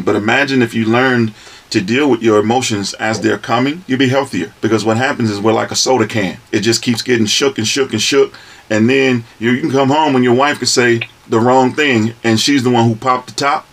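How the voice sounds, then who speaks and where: A man's voice: medium pitch, fairly quick. Man talking through a parenting story. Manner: relaxed, uses everyday analogies. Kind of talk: casual group chat.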